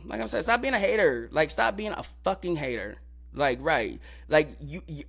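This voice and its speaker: A man hosting his own podcast, talking in a loose, profane rant. His voice sits a little high and leaps higher still when he gets worked up. He keeps circling back to the same filler phrases. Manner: pitch jumps high when fired up. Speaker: podcast host. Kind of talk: casual ranting monologue.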